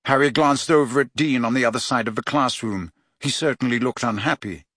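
Brief: male audiobook reader, husky, measured, dry booth sound. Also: medium pitch, a bit bright, no echo. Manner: measured storytelling. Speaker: audiobook narrator. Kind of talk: scripted narration.

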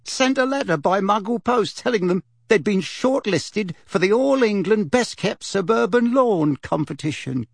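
Bold, cheeky young witch, high and chirpy, put on by a male audiobook narrator, with a slightly husky edge. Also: lively intonation, moderate pace, hardly any pauses, no echo, full character voice. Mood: boasting.

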